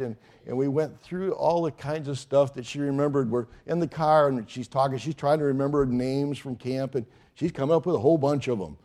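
A middle-aged man, a pastor, preaching a sermon and telling a story with growing excitement. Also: a little high. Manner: storytelling, animated with rising excitement.

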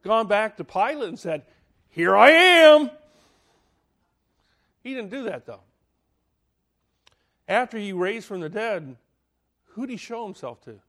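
A man preaching a sermon, dramatic, swinging from loud to hushed and asking the listeners questions. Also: high-pitched, lively intonation, normal speed, long pauses.

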